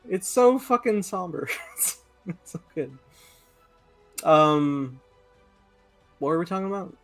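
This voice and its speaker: A man's voice: high-pitched, animated, takes it slowly, pauses often, fairly bright tone, soft background music. A man hosting a podcast in casual chat, laid-back and jokey, swearing freely. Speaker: podcast host.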